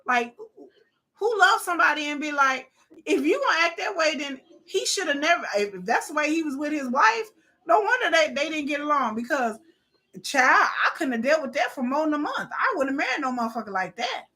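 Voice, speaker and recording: A woman's voice: high-pitched, big pitch swings, fairly quick, sharp tone. A woman hosting a live watch party of a reality show, giving blunt, profane, opinionated commentary straight to her viewers. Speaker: live-stream host.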